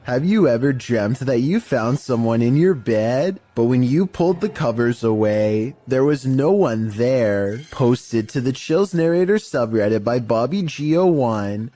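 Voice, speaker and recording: A man narrating a compilation of creepy camera clips in a measured, scripted storytelling manner. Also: mid-range voice, warm tone. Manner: measured, mildly spooky storytelling. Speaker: narrator of a paranormal clip compilation.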